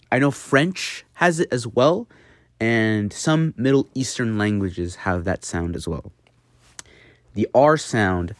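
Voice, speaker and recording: Young guy rambling thru a lesson at home, kinda low voice, dead dry sound. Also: no echo. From United States. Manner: rambling, self-mocking, many fillers. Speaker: host teaching an accent. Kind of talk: casual video lesson.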